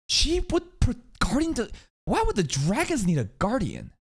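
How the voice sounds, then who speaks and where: A man reacting live to an anime episode, excitable and swearing, often shouting questions at the screen. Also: sits high, a little slow.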